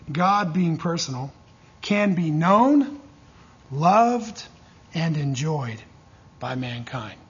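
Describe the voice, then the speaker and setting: A man's voice: on the high side, a bit bright, lo-fi sound, slight background noise. A man preaching a teaching sermon, checking in with his listeners again and again with call-and-response asides. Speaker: pastor teaching a church class.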